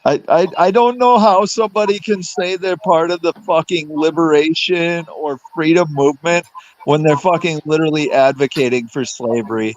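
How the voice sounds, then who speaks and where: Co-host guy, kinda high voice, swearing and ribbing the guest, dull muffled mic. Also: normal speed. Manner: profane, needling. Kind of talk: casual live chat.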